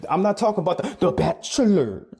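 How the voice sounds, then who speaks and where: Brief: middle-aged male vlogger, preachy and repetitive, very lively pitch swings. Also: normal speed. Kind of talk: comedic commentary.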